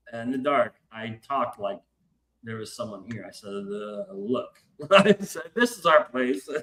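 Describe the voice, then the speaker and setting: A man's voice: mid-range voice, bright, forceful tone. A man hosting a podcast who tells a story in a casual, profane way and acts out the voices in his quotes. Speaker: podcast host. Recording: roomy echo.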